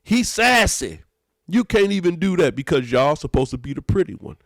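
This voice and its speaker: A man's voice: fairly high pitch, expressive, quick pace, darkish tone, dry recording, studio quality. A man, a pastor hosting a podcast, preaching emphatically in casual talk and repeating his phrases.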